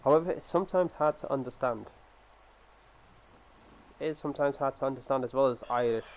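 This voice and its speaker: A man's voice: medium pitch, a little fast, a little mellow, dull audio. A young English man streaming a game, chatting casually and rambling with lots of fillers into a headset mic. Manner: rambling, explains with many fillers. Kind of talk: casual chat while gaming. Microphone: gaming headset.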